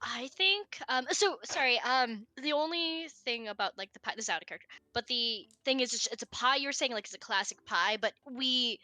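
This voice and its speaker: A woman's voice: on the high side, lively intonation, fairly quick, few pauses, bright, forceful tone. A woman playing in a tabletop game, speaking hesitantly with many fillers. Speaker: player. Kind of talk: casual tabletop chat.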